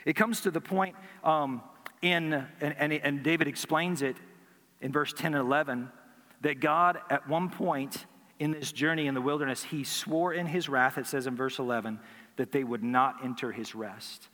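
A man's voice: on the high side, normal speed, a bit bright. A man preaching a sermon as pastor, earnest and building emphasis through repeated phrases. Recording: hall reverb.

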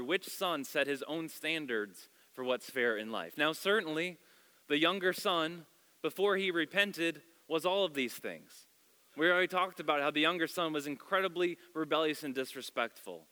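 A male pastor preaching a sermon in an expressive storytelling manner, moving between loud and soft passages, in a church sanctuary. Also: fairly high pitch. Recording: long hall reverb.

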